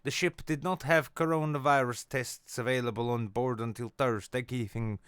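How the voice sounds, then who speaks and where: A man's voice: medium pitch, fairly bright tone, smooth, no room sound. A man hosting a late-night comedy show from his apartment, ranting about the news sarcastically and swearing constantly. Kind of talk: profane satirical news rant. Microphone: on camera at home.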